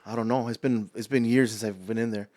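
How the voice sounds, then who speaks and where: A man's voice: fairly low pitch, steady tone, fast talker, a little mellow, dry recording. A man hosting a podcast, laid-back and joking as he chats with his guest. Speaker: podcast host. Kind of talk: casual interview chat.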